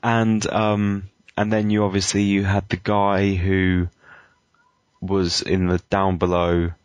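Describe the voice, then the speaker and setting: Deep-voiced man, dry sound. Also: level tone, takes it slowly, clear, resonant tone, dry recording, highs cut off. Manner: hesitant, critical opinions with many ums and uhs. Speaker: podcast co-host. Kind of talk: casual chat.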